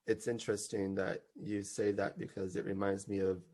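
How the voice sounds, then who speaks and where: A man hosting a casual podcast chat, an animated storyteller who slips into playful impressions. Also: fairly low pitch, moderate pace. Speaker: podcast host.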